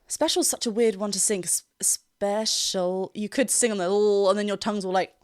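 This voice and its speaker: A woman vocal coach giving excited reaction commentary, laughing often and singing snippets to show what she hears. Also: medium pitch, fast talker. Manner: animated, laughs often, sings snippets to demonstrate.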